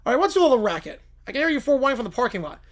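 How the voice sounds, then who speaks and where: A man voicing a grumpy adult who is fed up with a group of whining kids, speaking gruffly and dryly. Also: very high-pitched, racing, voice pushed up. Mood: annoyed. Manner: gruff, exasperated, deadpan.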